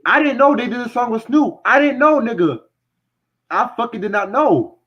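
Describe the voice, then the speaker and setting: A man's voice: very high voice, moderate pace. A young man hosting a casual podcast, talking bluntly with lots of swearing and frequent laughter. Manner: blunt, animated, laughs often, swears freely. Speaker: podcast host and music reviewer. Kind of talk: casual profane podcast chat. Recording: dull lo-fi recording.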